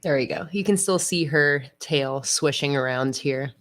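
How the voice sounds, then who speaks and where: A woman hosting a casual livestream, chatting in a relaxed way with frequent fillers. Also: low-pitched, measured pace. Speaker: livestream host. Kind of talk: casual livestream chat while planning.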